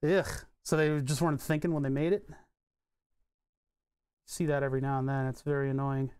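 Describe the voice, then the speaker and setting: A man's voice: medium pitch, flat delivery, fairly quick, darkish tone, clean tone, dry recording, studio quality. Man chatting to chat while soldering. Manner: muttering to himself, answering chat. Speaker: streamer. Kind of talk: casual live-stream chat while soldering.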